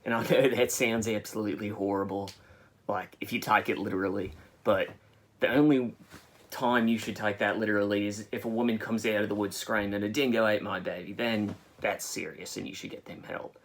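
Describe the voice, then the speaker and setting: A man's voice: fairly low pitch, steady tone, moderate pace, a bit bright. A young man with an Australian accent, delivering a boastful, crude comedic vlog monologue. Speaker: YouTuber.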